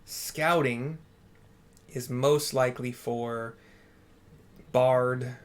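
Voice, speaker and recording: A man's voice: mid-range voice, fairly even intonation, extremely slow. A man talking casually while playing a video game, tossing out offhand asides and frequent swearing. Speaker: gamer. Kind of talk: casual let's-play commentary.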